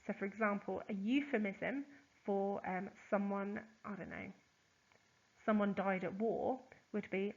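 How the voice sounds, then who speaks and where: A woman, a teacher, explains poetry terms in a chatty recorded lesson, with lots of ums and quick examples. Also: mid-range voice, muffled recording. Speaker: English teacher.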